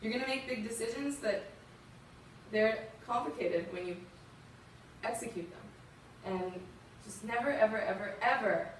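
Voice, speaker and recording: Speaking at a measured pace in a slightly high voice, a young Southern woman tells a youth audience a heartfelt personal story as a guest speaker. She's earnest and emotional, chatting with fillers, and the distant mic in a big reverberant room adds a little hiss or hum.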